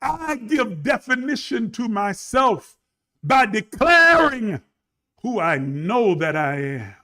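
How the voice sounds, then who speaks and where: A man preaching a livestreamed sermon, building from low talk to shouted emphasis and calling on listeners to respond. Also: sing-song, slow pace. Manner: calls on online listeners to respond.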